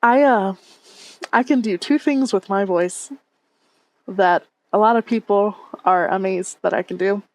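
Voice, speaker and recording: Woman streamer talking to chat on a headset, laughs a lot, mid pitch, easygoing. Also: unhurried. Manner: chatty, laughs often, reads and answers chat. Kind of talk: casual chat with stream viewers. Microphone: headset mic.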